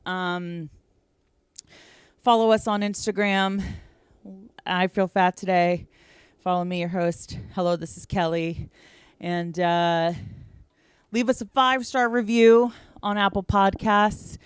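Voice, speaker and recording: Chatty woman podcast host, smooth voice. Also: medium pitch, little pitch movement, slow, pauses often, no room sound, clean studio sound. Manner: chatty, many fillers. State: out of breath. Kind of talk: casual podcast chat.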